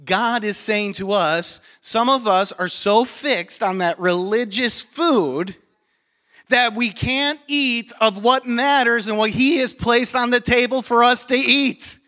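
Male pastor, high voice, bright and forceful tone, animated sermon, jokey storytelling, church. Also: takes it slowly. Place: church sanctuary.

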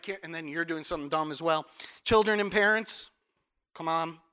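High, bright-voiced man preaching. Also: moderate pace, smooth. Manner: conversational, acts out quotes, drops to soft intense tones. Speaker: pastor. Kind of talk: sermon.

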